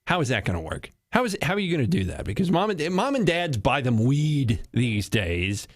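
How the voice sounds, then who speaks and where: Animated man riffing on news stories. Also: mid-range voice, brisk. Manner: wry, laughing, slips into mock voices. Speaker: talk show host. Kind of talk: solo comedic news commentary.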